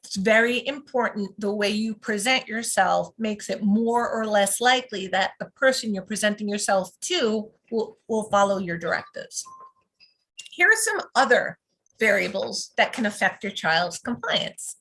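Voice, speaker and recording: A woman coaching parents over a live video call, speaking calmly and instructively. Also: mid-range voice, unhurried, rough recording. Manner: calm and instructive, lively when modeling praise. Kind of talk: teaching talk on live video.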